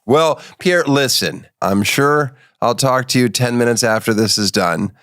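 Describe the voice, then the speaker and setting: Man, middle-aged, comedy podcast host, deadpan teasing, dry close sound. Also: mid-range voice, a little slow, no echo. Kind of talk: casual comedic interview.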